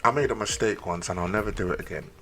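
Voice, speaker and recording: A man's voice: lowish voice, fast talker, over music. A man, a podcast guest, telling stories in casual chat and dropping to a near-whisper for emphasis. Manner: animated storyteller, drops to near-whisper for emphasis.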